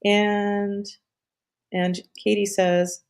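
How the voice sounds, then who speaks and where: A woman's voice: medium pitch, little pitch movement, very slow, vocal fry, a little mellow, clean tone. A middle-aged woman hosting a live stream in casual chat, rambling off on tangents, swearing and laughing often.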